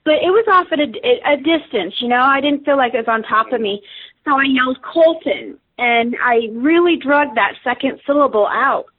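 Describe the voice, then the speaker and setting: A woman's voice: high-pitched, a little fast, slightly rough. A woman, a radio guest, telling a story casually with many fillers and restarts. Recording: tinny phone line.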